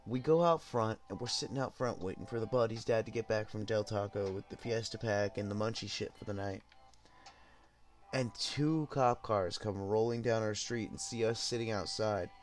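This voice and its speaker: A young man hosting a podcast, telling a story in a rambling, profane, laid-back way while high. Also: normal speed, faint music behind. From Southern California. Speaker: podcast host. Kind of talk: casual storytelling.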